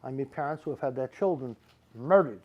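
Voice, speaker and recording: A man's voice: mid-range voice, fairly even intonation, fast talker, dull audio. A middle-aged man, a psychic medium giving readings to a live audience, who rambles and repeats words for emphasis.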